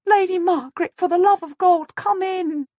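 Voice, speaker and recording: A woman voicing a frightened young serving woman who screams high, urgent pleas. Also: moderate pace, dark tone, no room sound, clean studio sound. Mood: pleading.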